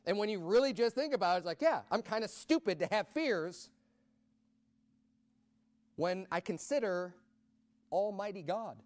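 A man preaching a sermon in a conversational way, rising to loud emphatic peaks. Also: high-pitched, lively intonation, normal speed, pauses often, no echo.

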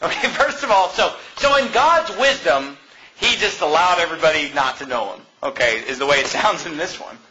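An American pastor preaching a sermon in an animated, mocking way, laughing often. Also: male voice, on the high side, normal speed, lo-fi sound, slight background noise.

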